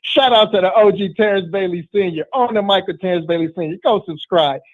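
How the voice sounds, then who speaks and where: A man's voice: high voice, a little fast. A man hosting a casual talk show, brash and streetwise, reading chat comments. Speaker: podcast host, trainer. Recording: tinny phone-like line.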